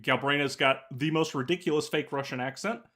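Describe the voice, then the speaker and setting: Man, bright tense tone, casual opinionated chat, frequent restarts. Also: a little high, fairly quick. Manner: opinionated, laughs at his own jokes, stammers on restarts. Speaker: podcast co-host.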